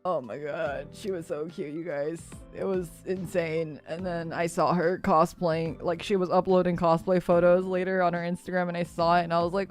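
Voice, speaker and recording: A woman's voice: lowish voice, a little fast, few pauses, no room sound, faint music behind. A young adult woman streamer in casual chat, rambling and gushing, laughing often and swearing freely.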